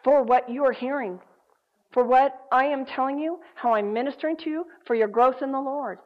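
A woman pastor with a slightly hoarse voice, preaching in a chatty storytelling way with many fillers. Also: high voice, normal speed. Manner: conversational, emphatic, with many fillers. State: hoarse, recovering voice. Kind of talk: sermon with storytelling. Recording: dull lo-fi recording.

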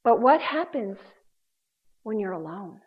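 A woman preaching a sermon, swinging between loud emphasis and hushed, quiet passages. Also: mid-range voice, big pitch swings, a little slow, slightly rough. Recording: dull lo-fi sound.

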